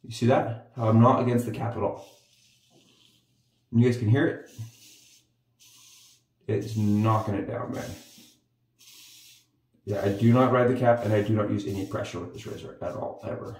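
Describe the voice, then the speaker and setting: A head-shaving vlogger chats enthusiastically to camera, regularly calling viewers "guys," in a fairly low, darkish voice. His intonation is fairly even, his pace moderate, and he pauses often; the distant mic picks up roomy echo.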